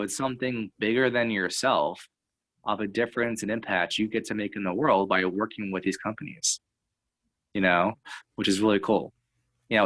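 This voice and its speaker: A man's voice: lowish voice, fairly bright tone, low-quality recording. Rambling man in casual coaching talk. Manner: rambling, filler-heavy, tag questions. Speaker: sales and motivational speaker.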